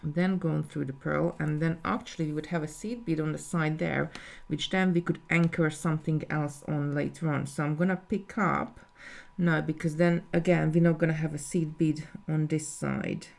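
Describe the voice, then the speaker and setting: A woman's voice: low voice, fairly even intonation, normal speed, creaky, a little mellow. A woman talking through a live beading tutorial step by step, thinking aloud as she works. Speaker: jewellery designer teaching beading.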